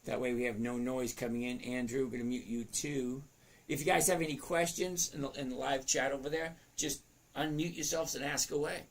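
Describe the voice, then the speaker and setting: A man hosting a casual live stream on trading, greeting chat viewers by name in an upbeat, chatty way. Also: fairly high pitch. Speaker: livestream host teaching stock trading.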